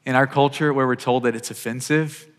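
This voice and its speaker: A man's voice: mid-range voice, steady tone, fairly quick, clean tone, in a large hall. A man preaching a sermon as pastor, earnest and urgent, often repeating words as he starts a phrase.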